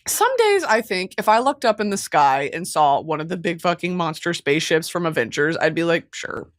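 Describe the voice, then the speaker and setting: A woman hosting a podcast in casual chat, goofy and excitable, given to loud squeals and dramatic wails, and swearing freely. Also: deep voice, fairly quick. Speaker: podcast host.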